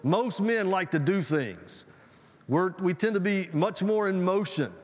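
A man's voice: sits high, animated, a little slow. A man preaching a sermon as pastor, folksy and conversational, often asking the congregation questions. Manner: folksy, conversational preaching with audience call-outs. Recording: reverberant hall sound.

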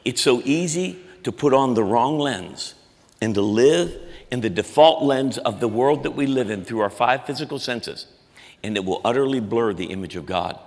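Guy preaching, gets loud then drops real low, echo of a big church hall. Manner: dynamic preaching, swinging between loud emphatic and low quiet lines. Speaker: pastor. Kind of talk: sermon.

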